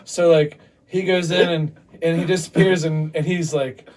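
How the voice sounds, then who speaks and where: A man's voice: fairly high pitch, moderate pace, distant mic, slight background noise. A man telling a rambling, profane story in casual chat, acting out what others said. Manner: animated, profane, acts out quotes. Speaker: podcast guest.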